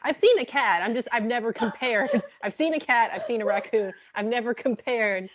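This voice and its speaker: A woman's voice: a little high, moderate pace, lo-fi sound. A woman co-hosting a podcast in casual chat, asking curious questions and laughing often. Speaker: podcast co-host.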